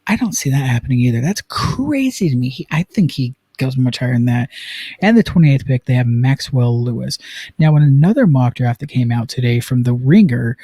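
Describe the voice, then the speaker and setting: A man's voice: mid-range voice, dry recording. Chatty man hosting a sports live stream. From Utah. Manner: chatty and excitable, many fillers. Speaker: sports podcast host.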